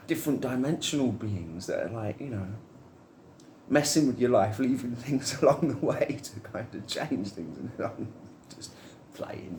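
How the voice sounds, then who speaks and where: A man's voice: mid-range voice, darkish tone, slight background noise. Rambling, heartfelt man in an echoey room. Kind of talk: reflective spiritual monologue.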